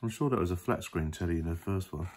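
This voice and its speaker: A man's voice: deep voice, fast talker, a little mellow, slight background noise. An older man chatting playfully about a picture book as it is read aloud, making puns and pointing things out. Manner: chatty, playful, punning remarks. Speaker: great-uncle reading aloud. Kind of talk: casual picture-book commentary.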